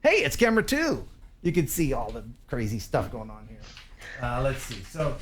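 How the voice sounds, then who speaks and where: A man's voice: mid-range voice, huge pitch swings, normal speed, slight background noise. A man hosting a casual live stream who laughs often and reads viewer messages aloud. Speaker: host.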